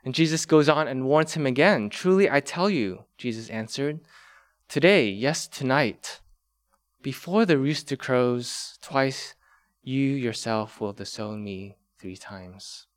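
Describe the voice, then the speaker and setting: Man, pastor, sermon, unhurried, emphatic repetition. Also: mid-range voice. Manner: slow, emphatic preaching with repeated words.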